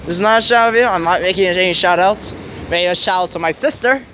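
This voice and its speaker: A young man with a high, light voice narrates a handheld vlog while walking a snowy city street. He rambles cheerfully and often stalls to search for words. Traffic and street noise run loudly behind him. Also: fast. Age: young adult. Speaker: vlogger filming his family walk. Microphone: handheld camera.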